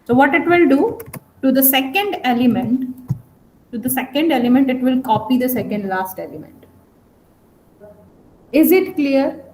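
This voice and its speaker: Here the programming lecturer sounds animated, her mellow voice pitched high, moving at normal speed but with long pauses. She teaches online and keeps stopping to ask whether students are keeping up. Faint noise sits under the echo of the room.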